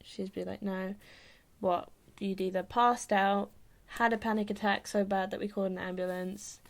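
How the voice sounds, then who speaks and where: Woman vlogging, creaky voice, talks animated, does little voices for people. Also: mid-range voice, moderate pace. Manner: animated, acts out quotes. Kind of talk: casual chat.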